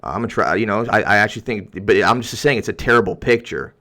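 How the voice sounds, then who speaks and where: A man's voice: fairly low pitch, fast talker, pushed and bright. A young man hosting a livestream, reading viewer comments aloud in a heated, rambling rant full of restarts. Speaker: YouTuber reading chat.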